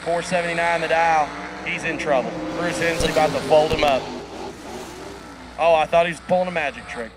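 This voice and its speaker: A man's voice: fairly high pitch, fairly even intonation, heavy background noise. A man calling drag races live, rattling off dials and reaction times, laughing often between runs. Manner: quick play-by-play, laughs often. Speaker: drag racing commentator. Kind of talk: live race commentary. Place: racetrack broadcast booth.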